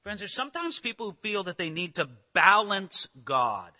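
A man delivers a sermon with earnest conviction, swelling into emphatic lines before dropping into quiet asides. His voice sits high and sounds sharply bright. A long hall reverb trails behind him. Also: sing-song, moderate pace. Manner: earnest preaching, rising emphatic passages then soft quiet asides. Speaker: pastor.

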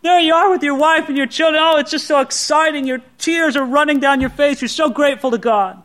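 High-voiced, animated male preacher. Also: fairly quick. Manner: animated storytelling, addresses the listener directly. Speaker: pastor. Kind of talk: sermon.

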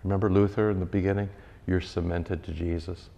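Male pastor, fairly low voice, chatty and wry in the pulpit, long church reverb. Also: fairly quick, vocal fry, dull audio. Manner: animated, conversational, wry asides. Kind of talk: sermon.

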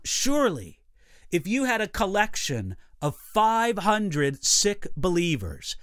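A man, a pastor, giving a measured, emphatic teaching talk with repeated phrases for emphasis. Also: sits high, a bit bright, no echo, studio quality. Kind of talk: teaching a livestream Bible talk.

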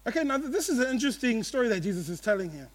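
A man preaching a sermon to a church gathering, animated and playful, swinging between loud and hushed. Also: very high-pitched, racing.

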